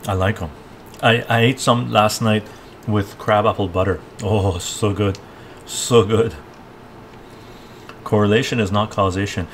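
A man's voice: fairly low pitch, slight background noise. A man hosting a casual live stream, ranting and rambling in a loose, conversational way and often tagging his points with "right?".

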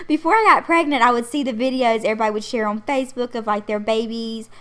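A woman's voice: a little high, fairly even intonation, brisk, a bit bright. Chatty young woman, rambling voice-over. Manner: chatty and rambling, laughs often. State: pregnant. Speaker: channel host. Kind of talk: casual voice-over chat over a game build.

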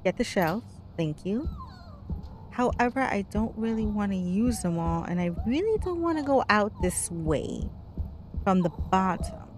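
A woman's voice: mid-range voice, lively intonation, a little slow, slight background noise. A woman playing a horror game and talking through it to herself, pleading in panic at times and dropping to a whisper at others. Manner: talks to herself, swings between panicked pleading and quiet whispering. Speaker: game streamer. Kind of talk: let's play commentary.

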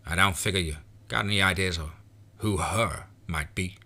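A man voicing a gruff, profane frontier lawman in a horror story reading. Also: sits low, moderate pace, sharp tone, full character voice. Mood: grim. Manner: blunt and cursing. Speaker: frontier marshal. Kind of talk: voiced character in horror narration.

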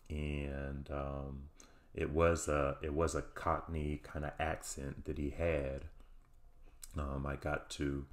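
A man hosting a show, recapping a TV episode in a casual, halting way with many ums and restarts. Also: rumbling low. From United States. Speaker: show host reviewing a TV series.

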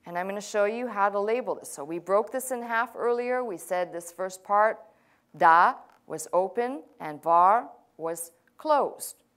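A woman's voice: mid-range voice, a little slow, fairly bright tone. A woman teaching a language class as a pastor, in a mid-range voice. She walks through each point patiently and methodically. She drops in casual, self-deprecating asides along the way. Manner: patient, explaining step by step with asides.

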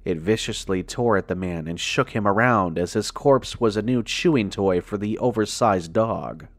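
Low-voiced man narrating horror. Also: dry recording. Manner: measured, dramatic reading that slows on grim details. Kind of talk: scripted first-person horror narration.

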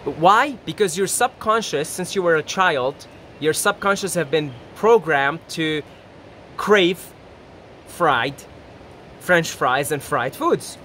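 Speaking slowly in a fairly high voice, a self-help YouTuber delivers a rambling, casual pep talk to camera. He's animated, laughs a lot, and slips into quoted voices, with slight noise in the background.

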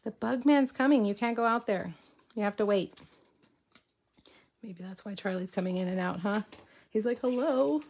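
A woman's voice: mid-range voice, steady tone, moderate pace, long pauses, a little mellow, slightly rough. A woman giving a casual live card-stamping tutorial from her home craft room. She is chatty and easily distracted, breaking off to talk to her viewers and her dogs. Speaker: stamping and card-making demonstrator.

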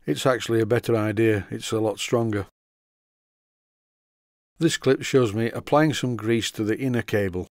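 Older guy doing workshop voice-over, lowish voice, dead dry close sound, deadpan. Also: moderate pace, long pauses, dry recording. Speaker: model engineering video host.

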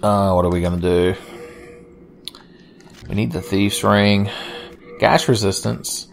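A man's voice: fairly low pitch, fairly even intonation, slow pace, gravelly, slight background noise. A young man giving sardonic, profane, rambling gameplay commentary. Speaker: let's play commentator.

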